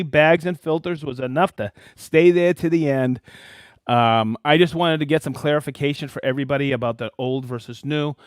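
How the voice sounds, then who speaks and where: Lively high-pitched man hosting a live stream. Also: no echo, studio quality. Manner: lively, reads viewer names and places with excitement. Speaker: host of a weekly live stream. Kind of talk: live stream shout-outs.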